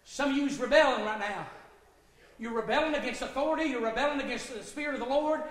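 A man, a pastor preaching an emphatic sermon with folksy asides and bursts of shouting. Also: very high voice, fast. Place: church sanctuary. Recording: echoey hall.

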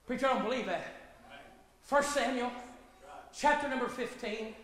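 A man, a pastor preaching an emphatic sermon with folksy asides and bursts of shouting. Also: very high voice, normal speed. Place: church sanctuary. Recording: echoey hall.

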